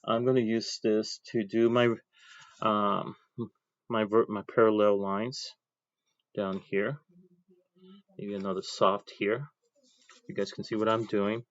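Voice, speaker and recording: Art teacher, male, low voice, casual drawing demo, dry muffled recording. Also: level tone, takes it slowly, pauses often, dry recording. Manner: talks while drawing, thinking aloud, chatty asides.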